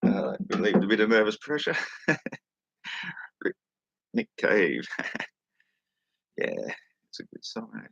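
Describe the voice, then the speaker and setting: An Australian man hosting a livestream, chatting casually with a relaxed chuckle and reading passages aloud from a book. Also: lowish voice, gravelly, breathy edge, dry recording, muffled recording. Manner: laid-back, chuckling, unhurried. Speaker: livestream host. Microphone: studio microphone.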